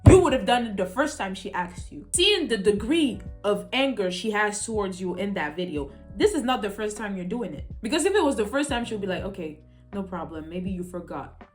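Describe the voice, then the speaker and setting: A woman's voice: medium pitch, lively intonation, brisk, few pauses, soft background music. A young woman giving exasperated, ranting reaction commentary. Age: young adult. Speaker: reaction video host.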